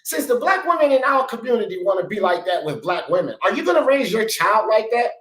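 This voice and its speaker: A man's voice: high voice, big pitch swings, fast, a bit bright. Heated cursing guy on a talk show, voice jumping all over, echoey room. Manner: blunt, profane, ranting. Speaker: sports talk show host. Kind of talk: heated commentary.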